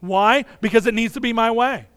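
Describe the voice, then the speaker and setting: A man in his thirties, a pastor preaching a sermon in an earnest way, dropping soft and low on key phrases. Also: normal speed, smooth, dry recording.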